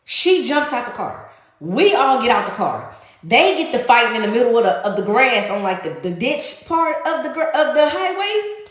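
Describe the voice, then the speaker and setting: A woman tells a personal story in a lively, profane storytime style, often laughing through her words. Her voice sits high and bounces across a wide range. The recording rings with heavy room echo. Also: normal speed. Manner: animated, profane, laughs while telling. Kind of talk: casual storytime. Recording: echoey room.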